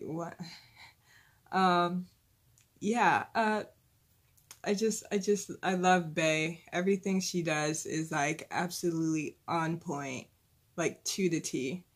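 Rambling young woman gushing as a fan. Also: low-pitched. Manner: gushing, rambling, full of "like" and "you know"; fan talk about a singer, breaking into giggles. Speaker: reaction video host. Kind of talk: casual rambling reaction chat.

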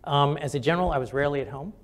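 A man's voice: a little high, rapid-fire. An older man, a retired general and physician, answering audience questions with candid stories and frequent fillers.

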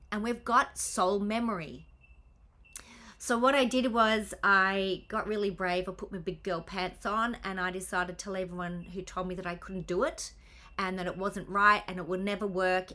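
A woman's voice: mid-range voice, pushed and bright. A woman coach giving a casual, blunt and sweary presentation to her team over a video call. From Australia. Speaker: business coach and healer.

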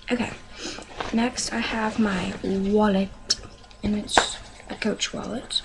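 Young woman, soft slow rambling chat, vocal fry, webcam mic, steady hiss. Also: mid-range voice. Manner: talks slow and quiet, rambling. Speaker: beauty vlogger. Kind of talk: casual show-and-tell vlog. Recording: noisy webcam recording.

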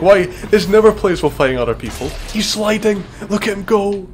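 A young man streaming a video game, excitable and sweary, bickering with his co-op partner and exclaiming at the action. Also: high-pitched, a little fast. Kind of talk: live gaming stream banter. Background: game music.

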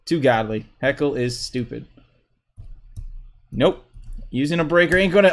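A young man livestreaming a fighting game, commenting excitedly, trash-talking opponents and whooping at big hits, with keyboard clicks behind him. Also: medium pitch, a little slow. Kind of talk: live gameplay commentary.

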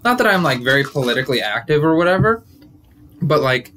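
A man's voice: on the high side, sing-song, fairly quick, pushed and bright. Rambling young comic host, man. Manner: rambling, joking, self-interrupting. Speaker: comedian and podcast host. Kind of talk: casual comedic monologue.

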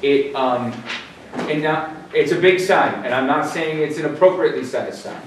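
A man on a zoning board speaking at a public hearing, measured and halting, with frequent restarts. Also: fairly high pitch. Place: town meeting room. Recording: echoey room from far off, faint hiss.

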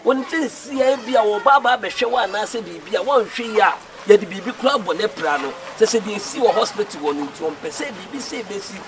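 A man's voice: sits high, expressive, fast, hardly any pauses. A Ghanaian man acting a young man who reassures his sick sweetheart in a film drama, coaxing and earnest. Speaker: actor. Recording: loud crowd noise behind.

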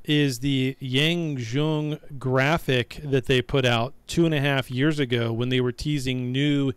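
A man's voice: medium pitch, fairly even intonation, measured pace, clean tone, dry recording. A man co-hosting a casual gaming podcast, speaking bluntly and matter-of-factly, swearing casually.

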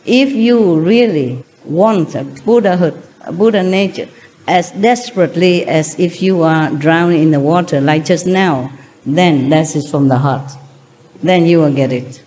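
A woman's voice: deep voice, measured pace, warm tone, slight background noise. A woman teacher giving a spiritual lecture, retelling religious stories in simple non-native English and chuckling often.

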